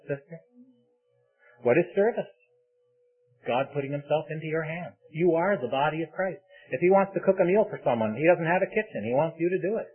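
A man's voice: fairly high pitch, husky. A man preaching a sermon in an earnest way, asking rhetorical questions and acting out dialogue. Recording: tinny phone-like radio broadcast.

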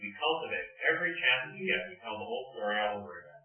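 A man's voice: mid-range voice, expressive, rapid-fire, soft background music. An older man preaching a sermon, telling anecdotes with self-deprecating humor. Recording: tinny phone-like sound, distant and roomy.

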